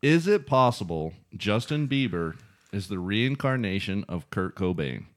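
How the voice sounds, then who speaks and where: A man's voice: fairly low pitch, sing-song, measured pace. A man co-hosting a casual chat, reading listener posts and making dry wisecracks. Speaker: podcast co-host.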